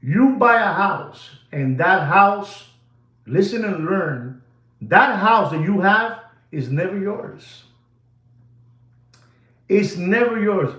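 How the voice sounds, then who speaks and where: Man, watch dealer on a live stream, high voice, swinging pitch, rambling, repeats himself, roomy echo. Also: animated, slow, a bit bright. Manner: emphatic, repeats phrases over and over.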